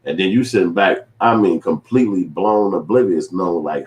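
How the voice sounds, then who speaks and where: Low-voiced man ranting casually. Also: moderate pace, few pauses. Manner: profane, rambling, acts out quotes. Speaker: filmmaker and vlogger. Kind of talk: casual commentary vlog.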